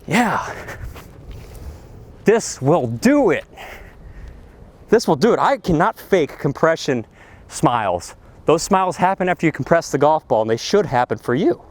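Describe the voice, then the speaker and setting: Middle-aged male golf coach, excitable range lesson outdoors, lively voice that swings up and down, slightly high. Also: measured pace, pauses often. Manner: excitable, exclaiming over good shots. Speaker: golf instructor.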